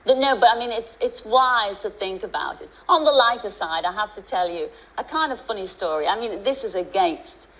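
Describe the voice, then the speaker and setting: A woman's voice: medium pitch, animated, moderate pace, few pauses, fairly bright tone, low-quality recording. A middle-aged woman with a Liverpool accent, a chat-show guest who talks in a chatty, storytelling way with many restarts and asides.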